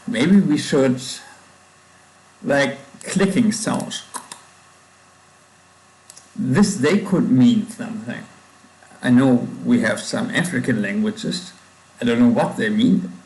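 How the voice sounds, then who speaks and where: A young man with a German accent thinking aloud while coding, musing slowly and correcting himself as he goes. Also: mid-range voice, expressive, a little mellow, poor audio. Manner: slow, musing, self-correcting, trailing off. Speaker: coding livestream host.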